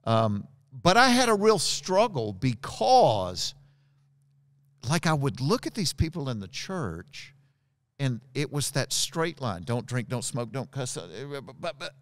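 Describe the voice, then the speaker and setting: A man in his sixties with a drawl tells stories with lively energy and acts out the people he quotes. His voice sits in an ordinary middle register. The recording is close and dry, with no room sound. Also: medium pitch, slow pace, no room sound. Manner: animated storyteller acting out quoted voices. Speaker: guest. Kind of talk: storytelling in conversation.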